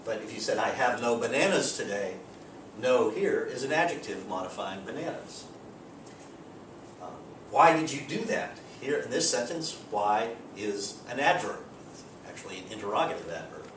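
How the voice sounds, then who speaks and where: A man teaching a grammar lecture in a relaxed way, reading out example sentences. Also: moderate pace. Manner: relaxed, explains with spoken examples and fillers. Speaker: English teacher. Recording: echoey room, distant mic, background rumble.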